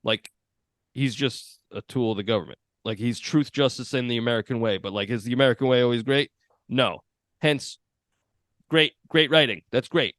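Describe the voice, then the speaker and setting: On clean, dry studio audio with no room sound, a male podcast co-host jokes around in casual chat, laughing often and cursing freely. He speaks at normal speed in a mid-range, fairly bright voice.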